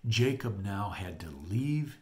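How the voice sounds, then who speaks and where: A man with a fairly low voice teaches from scripture. He retells the story with lively animation and reads the verses aloud. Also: takes it slowly. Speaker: Bible teacher. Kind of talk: Bible teaching.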